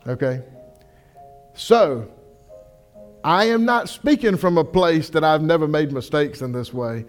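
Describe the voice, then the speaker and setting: A young pastor with a drawl preaches in a homespun, storytelling way, slipping into animated voices for the people he quotes. His voice sits a little high for a man, with faint music underneath. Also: unhurried. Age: young adult. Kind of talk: sermon.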